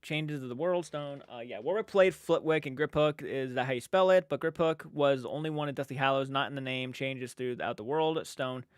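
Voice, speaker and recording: A man's voice: medium pitch, moderate pace, hardly any pauses, smooth, no echo, studio quality. A young man hosting a casual late-night livestream, reading chat aloud in a sleepy, yawning, rambling way with restarts. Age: young adult.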